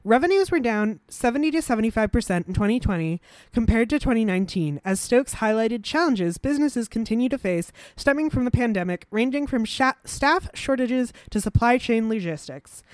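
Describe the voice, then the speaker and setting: A woman's voice: a little high, animated, brisk, no echo, studio quality. A woman co-hosting a casual chat, reading news aloud with many fillers and restarts. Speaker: podcast co-host.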